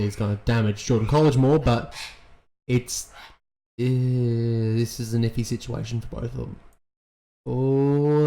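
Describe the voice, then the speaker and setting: A man talks through a show episode in loose, off-the-cuff commentary. He is excitable and swears freely, and his voice sits at an ordinary middle pitch. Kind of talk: casual reaction commentary.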